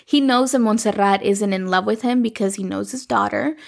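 Chatty woman recapping a story, gravelly edge. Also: medium pitch, brisk. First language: Spanish. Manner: chatty, animated, acts out characters' lines in quotes. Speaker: podcast host recapping a telenovela. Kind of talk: casual recap chat.

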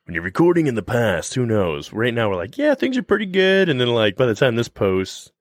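Animated rambling man, lively pitch. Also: brisk, no room sound, studio quality. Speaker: podcast co-host. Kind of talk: casual chat.

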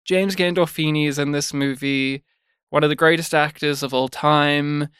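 A man co-hosting a film review podcast in casual chat, animated and digressive. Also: on the high side, smooth, dry recording, clean studio sound. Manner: animated, digressive, acts out scenes in quick put-on voices. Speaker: podcast co-host.

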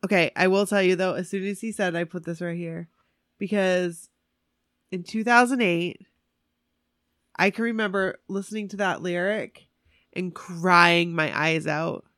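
A woman excitedly recounting a concert to a friend in casual chat, gushing and animated. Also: fairly low pitch, a little slow, no echo, studio quality. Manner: animated, gushing fan storytelling.

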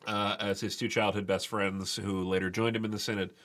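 A man's voice: fairly low pitch, little pitch movement, fairly quick, a bit bright. A man co-hosting a podcast in casual chat, wry and opinionated, with hesitant fillers. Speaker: podcast co-host.

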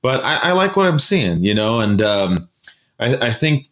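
A man's voice: medium pitch, very animated, unhurried, fairly bright tone. A man co-hosting a casual sports podcast, talking in a loose, rambling way with lots of fillers and restarts. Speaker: podcast co-host.

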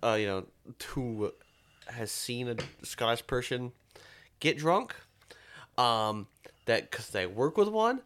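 Wry, lively-voiced co-host man. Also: mid-range voice, slow pace, long pauses. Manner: wry, joking interjections. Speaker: podcast co-host. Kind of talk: casual chat.

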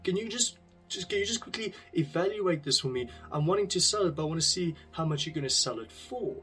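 A man voicing a daughter in a spoken parable, talking quickly and hesitantly as she asks a favor. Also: fairly high pitch, expressive, fairly bright tone, faint music behind. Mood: pleading. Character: young woman, eager and a bit unsure.

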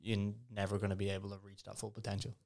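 A young Irish man chats loosely as a podcast co-host, joking and swearing without a second thought. His voice sits fairly low and has a gravelly edge to it. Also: monotone, fast, a little mellow. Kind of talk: casual chat.

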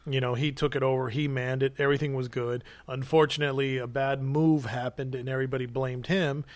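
A man in casual podcast chat about comics, rambling with many fillers and growing animated when he teases. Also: mid-range voice, fairly quick, dry recording. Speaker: podcast co-host.

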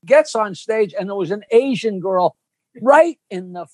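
An older male comedian tells swearing-heavy stories with lots of energy. His voice is quite high, and the sound is dry and close. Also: unhurried, dry recording. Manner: animated, profane, dramatic storyteller. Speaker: guest comedian. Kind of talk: casual storytelling chat.

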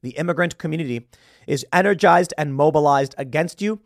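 A man's voice: on the high side, brisk, no room sound, clean studio sound. A man hosting a political commentary show, reading news aloud with a sarcastic edge and the odd stumble over words. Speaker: podcast host.

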